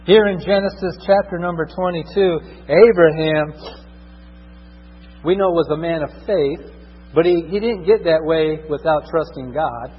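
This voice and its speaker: A man's voice: on the high side, a little slow, slightly rough. A man preaching a sermon as a pastor, emphatic, often checking in with the congregation. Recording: dull echoing hall recording.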